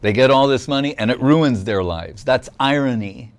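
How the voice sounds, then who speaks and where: A man giving a devotional discourse as a spiritual lecturer, explaining gently and pausing often with fillers. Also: mid-range voice, animated.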